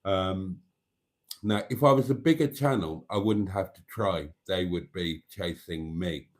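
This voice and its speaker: A man's voice: low-pitched, a little slow. A man hosting a live stream, chatting casually and laughing with delight while reacting to viewer messages.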